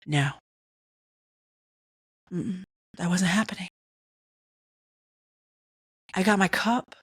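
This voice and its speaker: A woman hosting a podcast, telling a comic personal story with animated, dramatic emphasis and repeated punchlines. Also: lowish voice, very slow, breathy edge, dry recording, clean studio sound. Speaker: podcast host.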